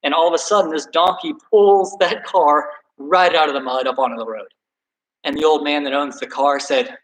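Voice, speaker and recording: A man's voice: on the high side, fairly even intonation, normal speed, fairly bright tone, rough recording. A man coaching a workout and telling a story, friendly and self-deprecating in a casual chatty way. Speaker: soccer coach.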